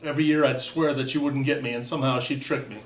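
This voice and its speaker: A man's voice: mid-range voice, steady tone, quick pace, far from the mic, slight background noise. A man in his fifties from Wisconsin, telling a rambling personal story with wry asides and frequent restarts. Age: 50s. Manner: rambling, self-interrupting, wry. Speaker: vlogger. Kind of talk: casual personal monologue. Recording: echoey room, voice off-mic.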